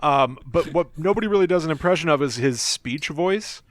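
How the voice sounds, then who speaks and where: A man's voice: on the high side, expressive, a little fast. A young man co-hosting a comedy podcast, rambling and joking as he sets up impressions. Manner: jokey, rambling, slips into mock speech voices. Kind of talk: improvised comedy banter with presidential impressions.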